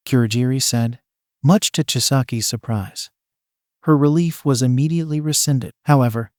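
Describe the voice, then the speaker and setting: A man's voice: medium pitch, darkish tone, no room sound, clean studio sound. A man steadily narrating a fan fiction story.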